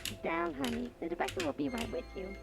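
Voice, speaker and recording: A woman voicing a soothing female nurse in a video game, who coaxes softly and calls the listener honey. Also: sits high, lively intonation, brisk, vocal fry, over music, exaggerated voice. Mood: coaxing.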